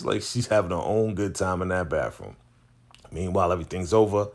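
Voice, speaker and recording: Male recapper, low register, animated retelling with quick character voices. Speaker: TV recap vlogger. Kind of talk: casual episode recap, retelling scenes.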